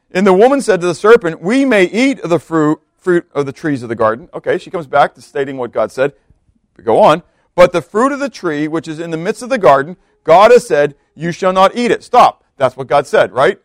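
A man's voice: a little high, no echo, clean studio sound. A male pastor giving a conversational sermon, often stopping to ask his listeners questions and reading scripture aloud. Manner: conversational preaching with repeated rhetorical questions.

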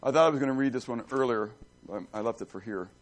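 Middle-aged male pastor, folksy conversational preacher, mid-pitched voice. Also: quick pace. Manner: folksy storytelling, asks the congregation questions. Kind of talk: conversational sermon.

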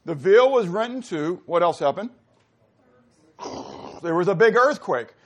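A man's voice: high voice, animated, measured pace. A man preaching a sermon, teaching animatedly and putting questions to his listeners. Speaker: pastor.

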